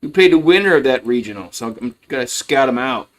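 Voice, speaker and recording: Calling a college baseball game for a livestream, a fan host rambles through casual play-by-play, often restarting and leaning on fillers. He speaks at a medium pitch, a little fast, with lively intonation.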